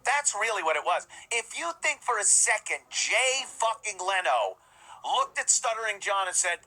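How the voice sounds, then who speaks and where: Podcast host, male, higher pitched than most, sharp and tense tone, scornful profane rant. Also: very animated, moderate pace, poor audio. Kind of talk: ranting commentary.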